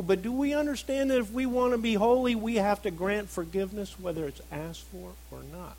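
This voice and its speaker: A middle-aged man preaching a sermon, earnest, moving between emphatic stresses and soft, reflective passages. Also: high voice, brisk, hardly any pauses, low-quality recording.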